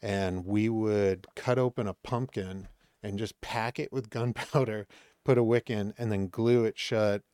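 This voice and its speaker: A man from Maine, chatting on a podcast as a guest comedian. His voice sits a little low, and he tells his anecdotes with lively energy, slipping into the voices of people he quotes. The sound is close and dry. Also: unhurried, clean tone, no room sound. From Maine, USA. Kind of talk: casual storytelling chat.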